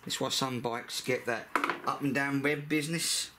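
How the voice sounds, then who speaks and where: A man's voice: medium pitch, fairly even intonation, normal speed, heavy background noise. A middle-aged man with a blunt, chatty manner, talking through a scooter repair in a workshop and swearing freely. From United Kingdom. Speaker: mechanic vlogger. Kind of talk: casual repair tutorial.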